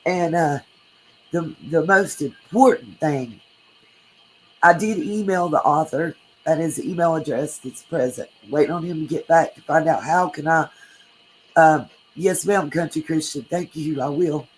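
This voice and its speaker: A woman's voice: sits low, a little slow, a little mellow, poor audio. A woman hosting a true crime livestream, chatting casually, reading comments and thanking viewers by name.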